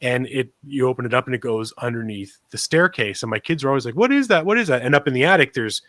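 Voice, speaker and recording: A man co-hosts a casual podcast, telling a story that wanders. He laughs often and restarts his sentences. His voice sits at a middle pitch, recorded dry and close on the mic. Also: quick pace, sharp tone, no room sound. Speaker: podcast co-host.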